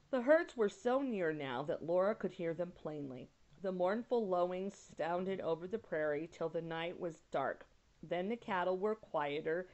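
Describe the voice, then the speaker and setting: A woman teacher at home, reading a children's novel aloud and pausing to explain words with casual asides. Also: on the low side, darkish tone. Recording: dull lo-fi recording.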